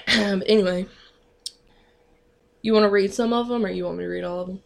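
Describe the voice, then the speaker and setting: A woman's voice: mid-range voice, fairly even intonation, a little fast, gravelly. A young woman in casual chat, talking loosely with many fillers and casual swearing.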